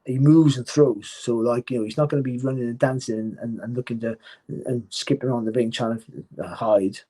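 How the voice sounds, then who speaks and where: Husky-voiced male boxing analyst. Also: medium pitch, fairly even intonation, a little fast, dark tone. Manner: enthusiastic, rambling, repeats words as he talks. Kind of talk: casual interview chat.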